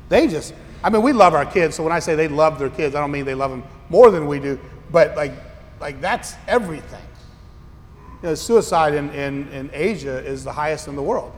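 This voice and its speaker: A man preaching a sermon as a pastor, telling stories in an animated, incredulous way. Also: fairly high pitch, a little hiss or hum. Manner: animated, incredulous storytelling with rising exclamations. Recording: long reverb of a large hall.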